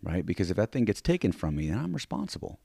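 Deep, lively-voiced male podcast co-host. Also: fast, creaky, slightly rough, dry recording, clean studio sound. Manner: animated, many restarts and tag questions. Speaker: self-defense instructor. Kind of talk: casual chat.

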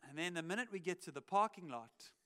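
A man's voice: high voice, lively intonation, brisk, fairly bright tone, smooth. A man preaching a sermon in a church, talking conversationally through a cheek mic, acting out quotes with wry asides. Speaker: pastor. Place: church auditorium. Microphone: cheek headset microphone.

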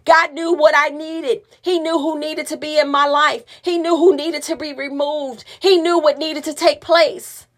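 A woman's voice: sits high, fairly even intonation, a little slow, few pauses. A woman hosting a faith podcast, sharing a personal testimony in a fervent preaching style, with repeated phrases building on one another. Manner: fervent, repetitive preaching cadence. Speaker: podcast host.

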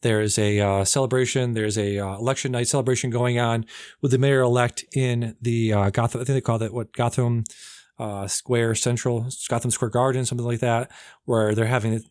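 A man's voice: mid-range voice, fairly even intonation, fairly quick, a little mellow, clear, resonant tone, dry recording, studio quality. A man casually retelling a movie plot on a podcast, rambling with many fillers.

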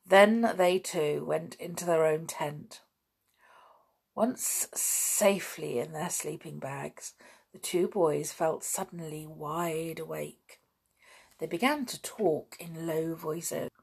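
Slow, gravelly woman storyteller. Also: sits low, a little mellow. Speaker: audiobook reader. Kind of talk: storybook narration.

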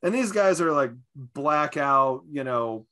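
A man with a slightly high voice tells a sports story in casual chat, animated and quick to act out the people in it. He co-hosts the show and keeps the talk loose and conversational. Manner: animated storyteller, acts out quotes. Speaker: podcast co-host.

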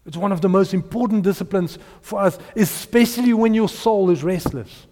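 A middle-aged South African pastor, Afrikaans by birth, delivers a sermon in a fairly high, animated voice at a moderate pace. He repeats himself, trips over repeated words, laughs between points, and sometimes drops to hushed tones. A long reverb carries his voice through a large hall.

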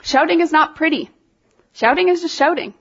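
A woman preaches in a loose, conversational way, circling back on her words and pressing her points with animated emphasis. Her voice sits a little high. The recording sounds dull and lo-fi. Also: normal speed. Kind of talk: informal sermon.

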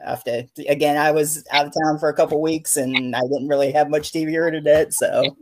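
A woman's voice: low voice, steady tone, brisk, darkish tone. A woman co-hosting a podcast interview, easygoing and joking. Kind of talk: casual interview chat.

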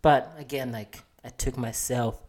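A man's voice: medium pitch, steady tone, measured pace, a little mellow. A man in his twenties from Malawi, co-hosting a podcast and chatting in a reflective, earnest way with easy laughter. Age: 20s. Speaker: podcast co-host. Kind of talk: casual chat.

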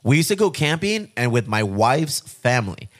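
Podcast host, man in his thirties, lively pitch, profane joking storyteller. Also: moderate pace. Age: 30s. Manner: profane, joking, quotes others in put-on voices. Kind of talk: casual podcast banter. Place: studio with several guests on a couch.

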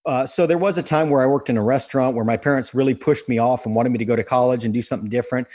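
A man in his forties, a guest in an interview, who talks with earnest, animated enthusiasm as he tells stories. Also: mid-range voice, racing, dry recording. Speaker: guest, professional wire walker. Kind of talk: casual interview conversation.

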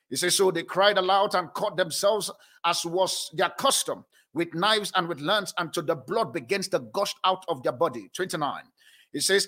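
A man preaching a sermon as a prophet, reading scripture slowly and making emphatic declarations. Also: high-pitched, bright, forceful tone. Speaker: pastor.

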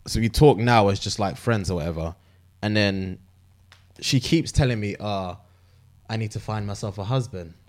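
A young man in casual podcast chat, relaxed, swearing casually and agreeing often. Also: low voice.

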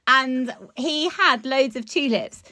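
A woman co-hosting a podcast about flower farming. She tells chatty, animated stories with quick asides. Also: high-pitched, no room sound. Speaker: podcast co-host, flower farmer. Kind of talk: casual chat.

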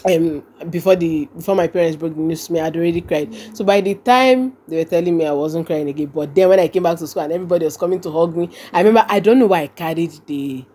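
A woman's voice: fairly low pitch, quick pace, few pauses, slightly rough. A young woman with a Nigerian accent, telling a story in casual conversation, repeating her phrases and acting out what people said. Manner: animated, repeats phrases and acts out quoted speech. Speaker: podcast guest.

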